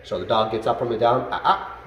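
A man working as a dog trainer explains things to a class in an animated way. He often checks in with "okay?" and "right?". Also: lowish voice, quick pace, distant mic, a little hiss or hum. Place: dog training facility, indoors. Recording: roomy echo, set back from the mic.

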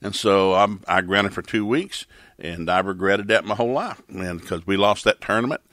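A man's voice: low-pitched, moderate pace, a bit bright, dry recording, clean studio sound. An older man telling stories in a casual, laughing way as a pastor and podcast host. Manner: folksy, laughing, acts out voices in stories. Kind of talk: casual storytelling chat.

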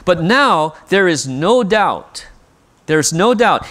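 Give me a male pastor delivering an earnest sermon, with a slightly high and animated voice. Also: moderate pace. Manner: earnest, with frequent rhetorical "right?".

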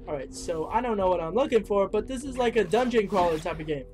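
Excitable man hosting a game playthrough, animated and jumpy. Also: high voice, quick pace, few pauses, faint music behind. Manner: excitable, shrieks and yelps at the game. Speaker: let's play host. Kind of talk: gameplay commentary.

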